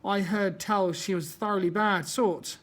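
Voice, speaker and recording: Man reading as a sneering young bully, taunting, pitched high. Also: steady tone, unhurried, a bit bright. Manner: jeering, taunting. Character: scrawny mocking bully boy, sneering.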